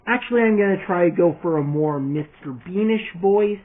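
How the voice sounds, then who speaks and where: A man's voice: high voice, moderate pace, few pauses. Rambling young man on a tinny phone recording. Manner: rambling, hesitant, lots of fillers. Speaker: vlogger and fan filmmaker. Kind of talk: casual rambling vlog.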